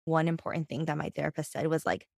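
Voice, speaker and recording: A woman's voice: low voice, fairly even intonation, quick pace, gravelly, no echo, studio quality. A woman co-hosting a podcast in casual chat, blunt and frank, swearing and using lots of fillers. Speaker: podcast co-host.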